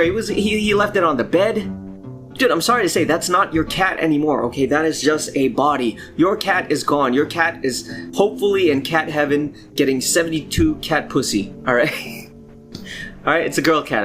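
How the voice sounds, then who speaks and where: A man hosting a comedic movie commentary, ranting in an exasperated, profane way. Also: fairly high pitch. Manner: profane, exasperated, fast-talking. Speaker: host.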